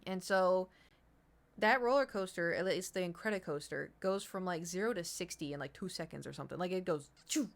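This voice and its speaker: Animated young woman telling a story. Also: fairly low pitch, brisk, vocal fry. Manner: animated, acts out quotes of friends, rambling with restarts. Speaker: streamer. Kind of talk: casual storytelling to chat.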